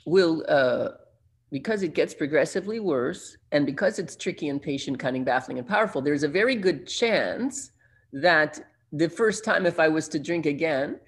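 An older man telling his own recovery story in a rambling, self-deprecating way, pausing and restarting often. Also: fairly high pitch, slightly rough. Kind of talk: personal recovery talk.

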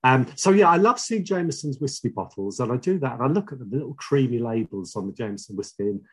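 A middle-aged man with a London accent telling his own recovery story, halting and repeating words, wry and confessional. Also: mid-range voice, expressive, breathy edge. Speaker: speaker sharing a recovery story. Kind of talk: personal testimony.

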